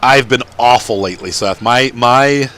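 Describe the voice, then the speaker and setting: A man's voice: mid-range voice, normal speed, a bit bright, slight background noise. A man chatting casually as he plays a farming game at home, rambling and laughing often. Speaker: let's-play gamer. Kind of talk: casual gameplay commentary.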